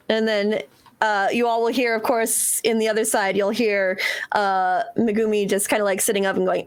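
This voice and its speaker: A woman's voice: mid-range voice, little pitch movement, a little fast. A woman narrating as game master of a tabletop game, laughing often and swearing casually.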